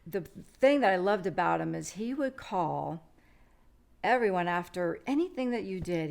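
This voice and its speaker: Woman, lowish gravelly voice, fond interview recollection. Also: darkish tone. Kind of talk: documentary interview remembrance.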